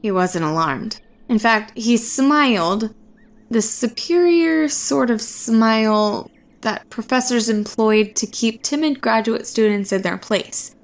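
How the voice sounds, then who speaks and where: A woman narrating a horror story in a measured, suspenseful reading. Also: fairly high pitch.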